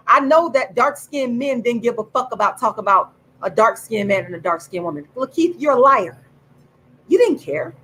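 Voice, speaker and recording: A woman angrily ranting straight to camera as host of her own channel, swearing and repeating herself with drawn-out, emphatic words. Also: fairly high pitch, expressive, a bit bright, slight background noise, poor audio. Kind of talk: angry direct-to-camera rant.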